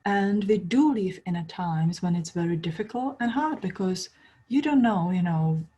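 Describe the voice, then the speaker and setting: Soft-spoken, breathy woman teacher. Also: on the low side, lively intonation, normal speed, rough recording. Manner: soft-spoken, storytelling, non-native grammar. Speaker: spiritual teacher. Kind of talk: spiritual talk.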